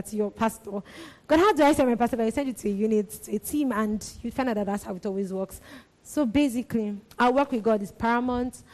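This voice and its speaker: A woman urges church volunteers, hammering short phrases again and again. Her voice sits a little high and breaks into frequent laughter. The sound carries a long reverb from a church hall. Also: a little mellow. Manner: repetitive, emphatic, laughs often. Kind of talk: exhortation to church workers.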